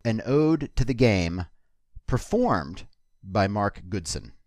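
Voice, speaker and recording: A man hosting a comedy podcast with a dry, low-key delivery. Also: very animated, slow, darkish tone, no room sound.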